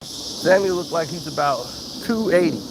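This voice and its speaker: A man's voice: on the high side, animated, normal speed. A young man casually telling a wry anecdote outdoors, laughing now and then. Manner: laid-back, wry, laughs through story. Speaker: storyteller vlogger. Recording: outdoor cricket noise.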